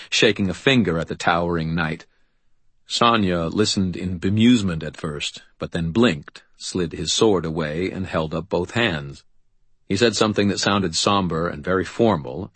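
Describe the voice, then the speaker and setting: Deep-voiced male audiobook narrator. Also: husky, no room sound. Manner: steady, dry storytelling. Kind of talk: first-person audiobook narration.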